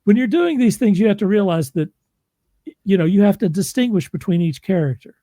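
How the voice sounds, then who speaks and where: Guy chatting about narrating audiobooks, rambly and self-deprecating, kinda highish but mellow voice, dry close sound. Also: expressive, a little fast, dry recording. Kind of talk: casual chat.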